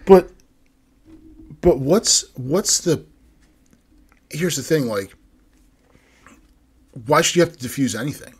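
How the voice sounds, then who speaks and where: A man's voice: on the high side, lively intonation, takes it slowly, long pauses, husky. An American man co-hosting a podcast, chatting casually in an easygoing way. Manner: easygoing, lots of agreeing murmurs. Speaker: podcast co-host. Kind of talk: casual chat.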